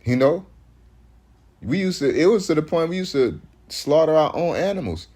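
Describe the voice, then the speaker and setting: A man's voice: fairly high pitch, big pitch swings, moderate pace, warm tone. Man, preaching street talk, rambling, emphatic, many restarts.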